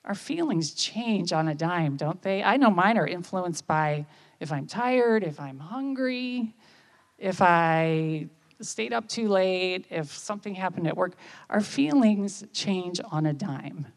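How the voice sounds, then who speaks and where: A woman, giving a conversational sermon and often checking in with listeners with quick questions. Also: fairly low pitch, expressive. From United States. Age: 50s. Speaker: speaker at church.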